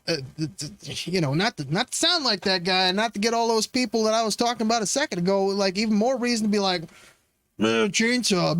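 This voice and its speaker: A man's voice: high-pitched, fairly bright tone, dry recording. A man hosting a commentary show, reacting to political clips in a profane, sarcastic, rambling rant full of restarts.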